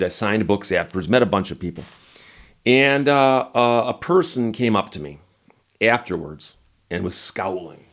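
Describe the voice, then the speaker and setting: Low-ish voiced guy, lawyer, telling a story to camera, dry and wry, gets animated quoting himself. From United States. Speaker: lawyer and channel host.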